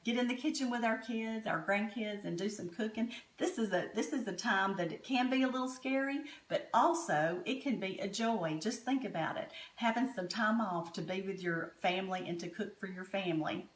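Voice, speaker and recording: A woman's voice: mid-range voice, normal speed, few pauses. A middle-aged woman with a Southern American accent, chatting homey and folksy while cooking in her home kitchen. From Southern United States. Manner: homey, chatty, warm-hearted storytelling. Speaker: home cook host. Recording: echoey kitchen room.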